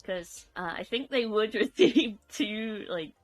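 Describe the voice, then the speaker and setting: A woman's voice: mid-range voice, animated, takes it slowly, faint music behind. A young woman chatting casually on a live stream, giggling often and reading out chat. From United Kingdom.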